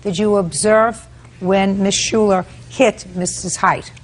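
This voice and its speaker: A woman judge questioning a witness in court, brisk and pointed. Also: mid-range voice, steady tone.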